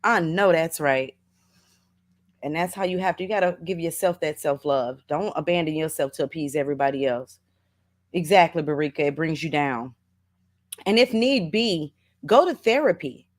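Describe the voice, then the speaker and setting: Chatty woman hosting a livestream, lowish voice. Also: moderate pace. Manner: chatty, reads viewer comments aloud, laughs often; folksy, calls listeners baby and honey. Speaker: livestream host. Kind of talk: casual motivational livestream talk.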